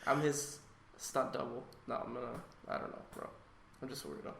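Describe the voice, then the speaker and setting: A man's voice: mid-range voice, flat delivery, brisk, creaky, roomy sound, noisy background. A man co-hosting a casual film podcast, joking and swearing as he talks. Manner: joking, swears, laughs often. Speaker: podcast co-host. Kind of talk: casual chat.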